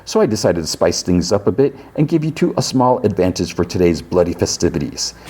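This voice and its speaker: Man doing a theatrical, slow-talking tournament master, deep voice. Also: sing-song, warm tone, slightly rough, full character voice. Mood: grandiose. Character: grandiose male tournament host, theatrical.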